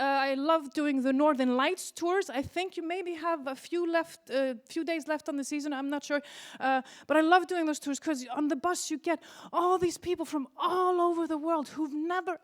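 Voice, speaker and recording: Woman doing stand-up on a convention stage, high voice, storytelling with loud excited outbursts. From Iceland. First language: Icelandic. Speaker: stand-up comedian. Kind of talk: stand-up comedy set.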